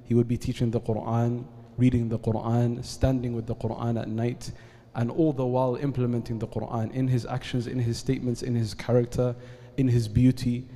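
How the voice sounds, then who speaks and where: A man speaking earnestly as a panel guest, measured, with frequent pauses and formal Arabic phrases. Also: mid-range voice, level tone, dark tone. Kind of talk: formal talk at a live event. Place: event hall at an Islamic centre. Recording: long hall reverb.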